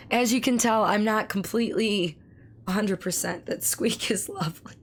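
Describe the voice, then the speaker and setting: Hoarse, gravelly-voiced woman streamer. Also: medium pitch, slow pace, long pauses, fairly bright tone. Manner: chatty, swears freely, reads chat aloud. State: hoarse, strained voice. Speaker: live streamer. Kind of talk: casual live-stream chat.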